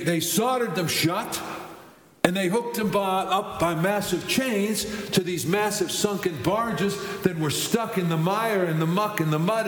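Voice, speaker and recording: A man delivers a sermon in a church sanctuary, his voice sitting a little high for a man. He stumbles and restarts his phrases, then presses on into emphatic runs of lists. The sound rings with a long, roomy reverb. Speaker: pastor. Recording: echoey hall with long reverb.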